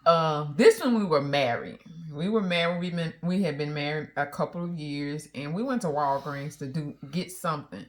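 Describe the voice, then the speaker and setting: A woman co-hosting a casual chat, an animated storyteller who acts out other voices. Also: low voice, moderate pace, hardly any pauses. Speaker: co-host.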